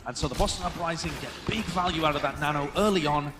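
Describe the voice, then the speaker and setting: A man giving measured, analytical color commentary on an esports match. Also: a little high, background noise.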